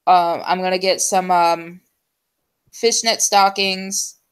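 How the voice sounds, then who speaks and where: A woman's voice: fairly low pitch, steady tone, clear, resonant tone. Chatty woman host, lots of ums. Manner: chatty, full of ums and trailing pauses. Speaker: show host. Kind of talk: casual chat.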